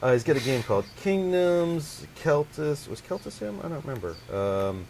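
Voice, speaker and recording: A man's voice: a little high, sing-song, normal speed, creaky, darkish tone, a little hiss or hum. Man hosting, hesitant with ums. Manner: hesitant, many ums and restarts. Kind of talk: casual podcast chat.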